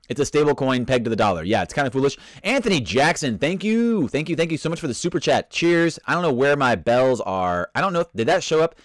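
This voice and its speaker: Male streamer, casual and self-mocking, very animated pitch, dry close-miked sound. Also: dry recording. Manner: playful, rambling, self-mocking, reads out chat comments. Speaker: live stream host. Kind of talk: casual live stream chat, greeting viewers.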